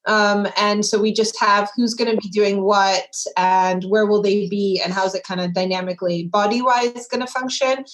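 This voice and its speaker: A woman talks through her writing process in an even, explanatory way, at a mid-range pitch. Her tone is conversational and unhurried. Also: low-quality recording. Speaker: guest author. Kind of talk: casual interview chat.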